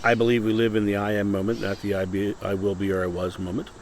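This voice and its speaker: A man's voice: fairly low pitch, level tone, fast talker, slight background noise, poor audio. A man hosting a casual morning talk, earnest and often restarting his sentences. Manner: earnest, self-correcting with many restarts. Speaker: spiritual channel host.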